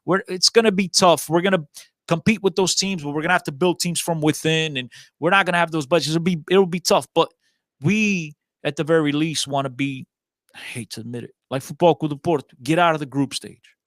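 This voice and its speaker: A man excitedly telling stories as a guest on a casual podcast, rambling with frequent restarts. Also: a little high, a little fast, dry recording, studio quality. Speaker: podcast guest, club fan.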